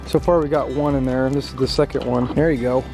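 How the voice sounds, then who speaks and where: A man hosting a casual outdoor vlog at a campsite bonfire, joking and exclaiming loudly. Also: mid-range voice, fast talker, over music. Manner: excitable, joking, loud exclamations. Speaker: vlog host.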